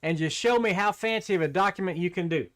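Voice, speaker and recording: A man's voice: sits high, fast talker. A man voicing God in a spoken joke, folksy and easygoing. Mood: genial. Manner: folksy, relaxed, joking. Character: easygoing God, a genial fatherly male deity.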